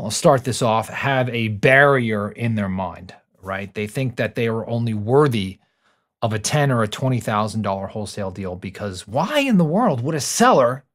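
Middle-aged guy doing a motivational podcast, punchy rhetorical questions, preachy build-ups, keeps going off on little story asides. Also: mid-range voice. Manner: tells personal stories with asides. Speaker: podcast host.

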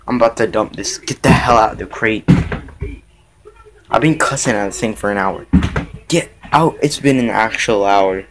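A young man vlogging from a dark bedroom at night, swearing and exasperated as he hunts a bug in his clothes. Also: on the low side, normal speed, long pauses, noisy background. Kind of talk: casual vlog commentary.

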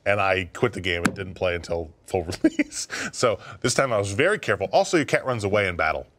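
A man co-hosting a gaming podcast in casual chat, excitable, laughing often and swearing freely. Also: sits low, fast talker. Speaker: podcast co-host.

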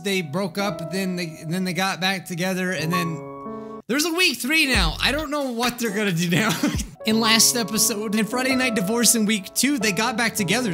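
Man, gaming reaction commentary, excitable, laughs a lot, lively pitch, loud game music behind. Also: normal speed. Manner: excitable, laughs often, dramatic. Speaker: gaming YouTuber.

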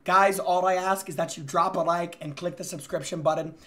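Hyped young gaming streamer. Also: male voice, sits high, fairly quick, slight background noise. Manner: excitable, hyped, bursts into loud shouts. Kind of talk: casual gaming commentary.

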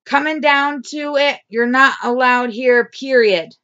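A woman's voice: high voice, measured pace, pushed and bright, clean tone. Blunt, fed-up woman vlogger, lo-fi. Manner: blunt, swearing, repeats herself. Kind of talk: angry diary vlog rant.

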